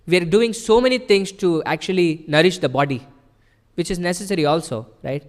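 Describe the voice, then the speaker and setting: Man, temple sermon, fairly high voice, earnest and explanatory, long echoing hall. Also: brisk. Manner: earnest, explanatory, with frequent rhetorical "right?". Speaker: temple speaker. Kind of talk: devotional sermon.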